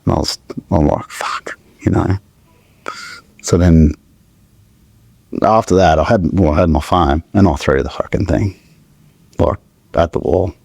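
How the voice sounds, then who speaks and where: A middle-aged man with a very low, gravelly voice tells a painful personal story in a halting way. He often stops, restarts and searches for words. The close recording is dry, with no room echo. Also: darkish tone. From Australia. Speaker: podcast guest.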